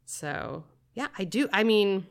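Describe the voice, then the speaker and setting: A young woman talking casually as a podcast guest, rambling and animated, poking fun at herself. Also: mid-range voice, slow pace. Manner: rambling, animated, self-deprecating. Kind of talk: casual chat.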